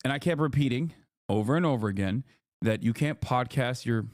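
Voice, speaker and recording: A man's voice: mid-range voice, fairly quick, no echo, studio quality. A man hosting a livestream, lecturing his chat in rambling, profane casual commentary. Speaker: livestream host.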